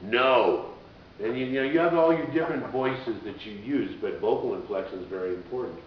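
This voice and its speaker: A man, a radio DJ and musician, telling stories in a rambling, casual way as an interview guest. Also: quick pace. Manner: rambling, acts out voices in quotes. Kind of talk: casual conversational storytelling. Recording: echoey, dull, distant with low rumble.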